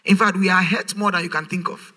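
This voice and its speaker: Preacher guy, pretty high voice, fires off questions, sing-songy sermon. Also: steady tone, fast, bright, forceful tone. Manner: emphatic, rhetorical questions, sing-song rises. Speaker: pastor.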